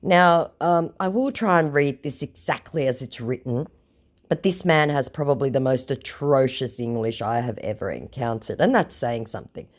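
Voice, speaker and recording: A woman's voice: rumbling low, expressive, moderate pace, darkish tone. A woman narrating as a scambaiter, reading chat logs aloud in a sarcastic, mocking way.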